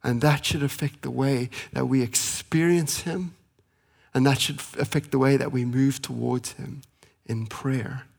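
A man in his thirties preaching a sermon as pastor, earnest and pleading, slowing for emphasis and speeding through family stories. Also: mid-range voice, steady tone, vocal fry, darkish tone. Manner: earnest, pleading, with slow emphatic pauses and fast anecdotes.

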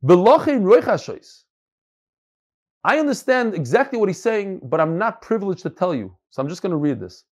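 Male Talmud teacher, lively and swooping delivery, stop-start explaining. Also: high voice, normal speed. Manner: animated, repeats words while searching for phrasing. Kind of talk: Talmud class, reading and explaining.

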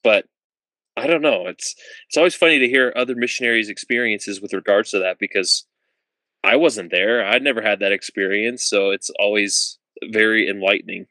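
Host: a man with a low, bright, forward voice, relaxed and chatty, in a dry, close sound. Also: normal speed, dry recording, rough recording. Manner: easygoing, laughs along, reflective. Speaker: podcast host. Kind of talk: casual interview chat.

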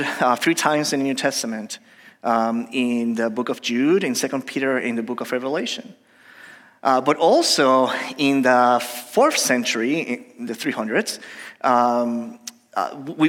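A man's voice: medium pitch, fairly bright tone. A man preaching a sermon in a loose, hesitant, conversational manner, often stopping and starting. His voice sits in an ordinary middle register. A long reverb hangs behind him, as in a large church hall. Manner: hesitant, many fillers and restarts. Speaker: pastor.

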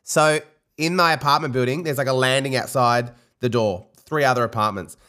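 A man hosting a casual podcast, telling animated stories and acting out loud shrieks. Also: mid-range voice, moderate pace. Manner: lively storyteller who acts out shrieks. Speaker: podcast host. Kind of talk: casual chat.

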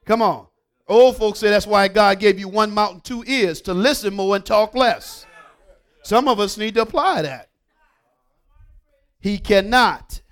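A man preaching a sermon and reading scripture, moving from hushed asides to emphatic declarations and calling on the congregation. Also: high-pitched, measured pace, pauses often. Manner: call-and-response preaching, swings from hushed to emphatic.

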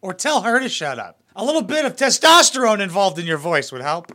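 Animated, mocking young man, high bright voice. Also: brisk. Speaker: reaction commentator. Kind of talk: crude comedic reaction commentary.

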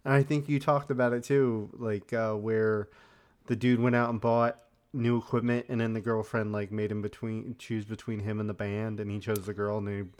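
A man's voice: on the low side, level tone, moderate pace, a little mellow. A man co-hosting a podcast, talking in a laid-back, agreeable way and swearing casually. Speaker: podcast co-host. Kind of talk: casual chat.

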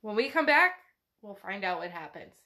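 A woman's voice: medium pitch, very animated, moderate pace, bright, forceful tone. Chatty woman recapping a novel. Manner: chatty, swears, "he's like" retelling. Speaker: podcast host. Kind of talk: casual book recap and reading.

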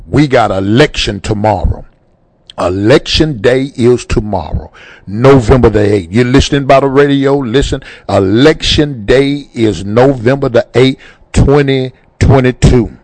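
A man's voice: medium pitch, unhurried, a little mellow, no room sound. A man hosting a radio talk show, speaking in a fervent preaching style and repeating phrases for emphasis.

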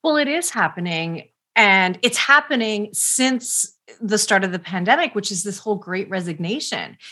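A woman's voice: medium pitch, lively intonation, moderate pace, pushed and bright. A middle-aged woman speaking as a parenting expert guest in an interview, earnest and passionate with emphatic repetition. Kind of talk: conversational interview.

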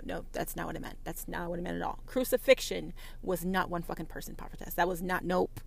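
Bright-voiced woman on a fierce profane rant. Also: mid-range voice, vocal fry, no echo. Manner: profane, confrontational, repeats emphatic denials. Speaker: self-described prophetess. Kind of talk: impassioned religious rant to camera.

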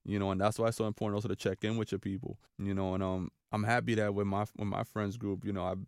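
A man from Brooklyn with a New York accent, talking as a podcast guest in casual conversation, animated and full of fillers and repeated phrases. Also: lowish voice, fast, smooth, no echo, clean studio sound.

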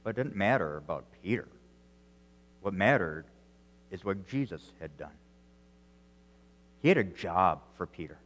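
A male pastor preaching an earnest sermon, repeating words as he goes and swinging between loud emphasis and quiet, soft phrases. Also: low-pitched, expressive, a little slow, pauses often, big-room sound. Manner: earnest preaching with frequent restarts and strong swings in loudness.

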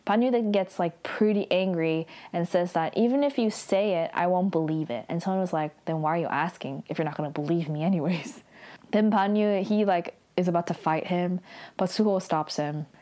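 A woman's voice: on the low side, normal speed, dark tone. A young woman talks through a drama episode in a loose, casual recap. She fills her sentences with "like" and "you know" and playfully acts out the characters' lines as she goes. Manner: chatty, filler-heavy, playful quoting of characters.

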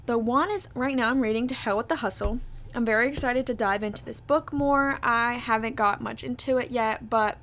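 Bubbly chatty young woman, bright pitch. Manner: bubbly, chatty, many "like" and "literally". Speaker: podcast host. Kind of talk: casual chat.

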